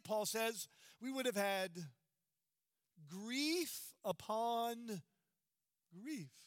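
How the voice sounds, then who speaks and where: Male preacher, bright high voice, earnest and emphatic, dry close sound. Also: no room sound. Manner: earnest, emphatic, slows and drops to a hush on key words. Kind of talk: sermon.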